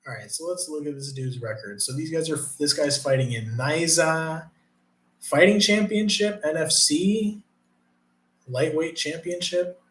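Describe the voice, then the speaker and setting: A man's voice: fairly high pitch, unhurried, a bit bright. A man casually chatting on a live stream, reading chat aloud, with profane, rambling talk. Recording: roomy echo.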